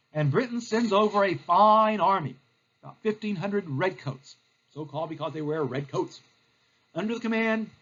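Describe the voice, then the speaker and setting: Man, history teacher, storytelling lesson, high-pitched, husky, dull lo-fi recording. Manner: playful, animated, lots of fillers.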